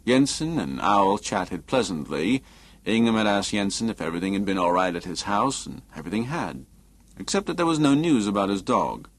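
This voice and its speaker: A man narrating a novel as an audiobook in a measured, expressive reading. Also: lowish voice.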